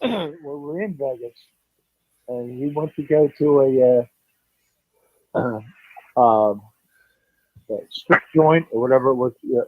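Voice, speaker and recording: A man calling in as a guest who tells his story haltingly and keeps clearing his throat. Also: medium pitch, dry recording. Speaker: guest on call. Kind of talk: casual storytelling chat. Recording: dull, muffled phone call.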